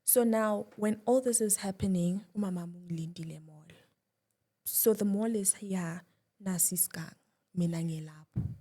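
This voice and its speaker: A young woman, a guest, telling a personal story with emotion, dropping to a hush at times and restarting her words. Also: on the low side, moderate pace, slightly rough. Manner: shifts between loud and hushed, restarts.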